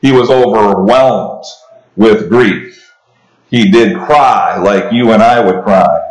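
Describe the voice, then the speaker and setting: Slow, low-voiced preacher in a roomy space. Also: male voice. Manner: conversational preaching with restarts and asides to the congregation. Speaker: pastor. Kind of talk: expository sermon, reading and explaining scripture. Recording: roomy echo.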